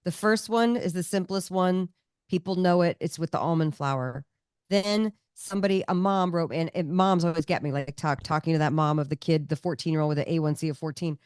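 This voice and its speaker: A woman guest on a podcast, a comedian and cookbook author, telling stories in an animated, emphatic way. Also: sits low, a little fast, clean tone, no room sound, clean studio sound. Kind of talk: casual interview chat.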